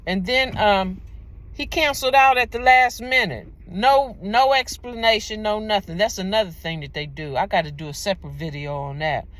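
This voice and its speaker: A woman's voice: medium pitch, normal speed, fairly bright tone. A woman talking casually to her own camera, giving relationship advice with rambling, repetitive, emphatic storytelling.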